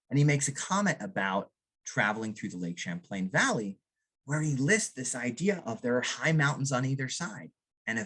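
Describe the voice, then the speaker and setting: A man from Vermont giving a public history lecture on archaeology, animated and often checking in with the audience. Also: fairly low pitch, slightly rough. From Vermont, USA. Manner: animated, often ends with a questioning "right?".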